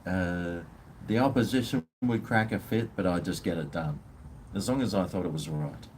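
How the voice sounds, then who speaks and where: A man's voice: deep voice, normal speed, darkish tone, a little hiss or hum. A man with an Australian accent, ranting bluntly and swearing as he chats casually with viewers on his livestream. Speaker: live stream host.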